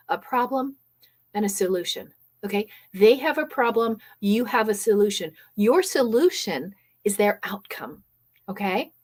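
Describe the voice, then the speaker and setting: Energetic woman coaching a live workshop. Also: mid-range voice. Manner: energetic, many fillers and "okay?" check-ins; reads and answers live chat comments. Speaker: business coach and workshop host. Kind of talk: live online workshop teaching.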